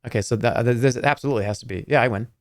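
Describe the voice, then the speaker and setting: A male streamer reading a fantasy game's text aloud in a playful, expressive way, with casual comments in between. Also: medium pitch, very fast, dry recording, clean studio sound.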